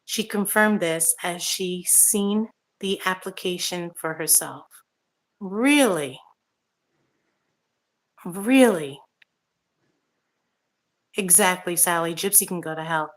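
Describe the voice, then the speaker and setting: A woman's voice: lowish voice, fairly even intonation, moderate pace, few pauses, fairly bright tone. A middle-aged woman hosting a casual talk show, ranting angrily and swearing as she reads out viewer comments. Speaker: host. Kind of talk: casual chat.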